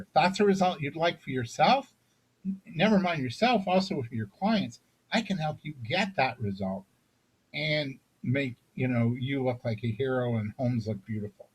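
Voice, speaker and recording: This recorded sales seminar features a man coaching on selling in a conversational style, restarting phrases and frequently tagging lines with "right?". He speaks at normal speed in an expressive, medium-pitched voice with a breathy edge, and the recording quality is low.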